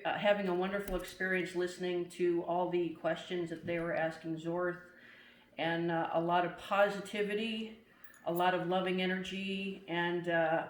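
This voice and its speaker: A camp visitor giving a calm, hesitant testimonial, with many pauses and restarts. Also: mid-range voice. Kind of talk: casual testimonial. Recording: roomy echo, faint noise.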